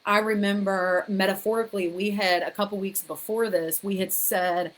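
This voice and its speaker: A woman speaking straight to her viewers in a frank, chatty storytelling voice. She talks at a middling pitch and restarts her sentences as the story runs ahead of her. It sounds like a personal, unscripted vlog. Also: normal speed. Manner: restarts and repeats words when excited. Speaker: author sharing her story. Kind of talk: candid personal storytelling to camera.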